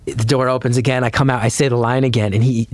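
A man's voice: mid-range voice, flat delivery, fast, no echo. A man sits at a studio podcast mic, spinning a story in a loose, rambling, self-deprecating way. His voice sits in an ordinary middle range, and the sound is dry and close, with no room around it. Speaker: podcast guest, comedian. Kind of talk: casual storytelling chat.

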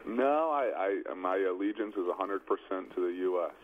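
A man's voice: low voice, lively intonation, normal speed, phone-quality sound, slight background noise. A young male athlete in his twenties answering interview questions in an easygoing, hesitant way. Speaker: football quarterback guest.

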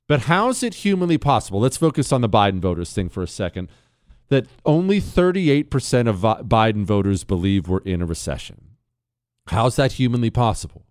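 A male talk show host delivers his monologue with a sarcastic, storytelling edge. His pitch swings widely as he builds each point. The studio sound is close and dry. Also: lively intonation, a little fast, darkish tone, smooth, no room sound.

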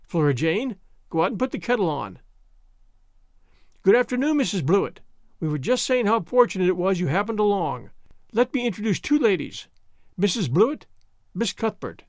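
A man voicing a brisk, chatty middle-aged hostess who bustles and talks over everyone in a storybook reading. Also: high voice, sing-song, no echo, studio quality. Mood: bustling. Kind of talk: audiobook character reading.

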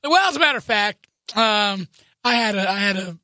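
Chatty co-host type, bright voice, laughs through the story, recorded close and dry. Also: mid-range voice, animated, moderate pace, no echo. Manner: laughs often while telling stories, chatty asides. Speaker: podcast co-host. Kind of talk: casual chat, reading news aloud.

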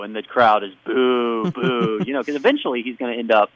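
A man's voice: mid-range voice, fairly quick, few pauses, a bit bright, dry recording. A man hosting a podcast, retelling a story in casual chat with frequent laughs, on a dull, dry recording. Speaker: podcast host.

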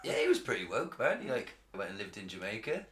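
Animated man, bright and lively. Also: on the low side, fast, slight background noise. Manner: animated, swearing, breaks into sung snippets. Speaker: podcast co-host. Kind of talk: casual podcast banter. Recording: roomy echo.

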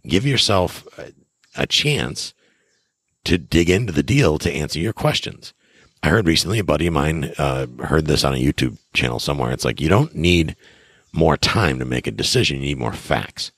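A middle-aged man with a very deep, husky voice talks through casual advice as a podcast host. He is enthusiastic and emphatic, and his pitch swings widely as he acts out little conversations. The sound is dry and close. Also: lively intonation, normal speed, a bit bright, dry recording. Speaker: real estate investor and podcast host.

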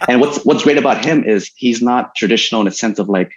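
Man with a very low voice as the interview guest, easygoing rambling talker, slightly dull recording. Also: quick pace. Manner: relaxed storytelling with many fillers and frequent laughs. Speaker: guest, stuntman and martial artist. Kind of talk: casual interview conversation.

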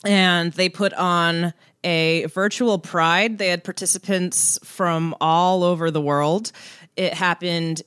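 Low-voiced chatty woman, dry sound. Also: steady tone, slow, fairly bright tone, clear, resonant tone, no room sound. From Iranian family, speaks Farsi. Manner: chatty storyteller, laughs often. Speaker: podcast co-host. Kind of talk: casual chat.

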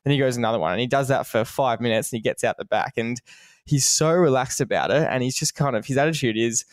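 A man hosting a podcast, telling a story in an animated, conversational way. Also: medium pitch, fast talker, no room sound, studio quality. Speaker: podcast host.

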